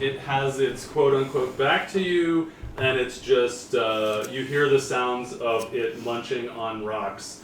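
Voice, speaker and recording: A man running a tabletop game as its game master, narrating casually and halting with fillers. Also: mid-range voice, a little hiss or hum. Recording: roomy, distant home recording.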